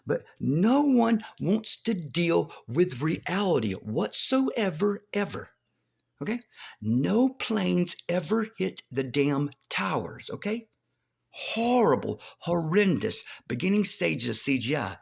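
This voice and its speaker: A man talking alone to the camera in a rambling monologue, halting with many restarts and swearing, growing loud and heated. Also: sits high, sing-song, vocal fry, husky. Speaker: video host.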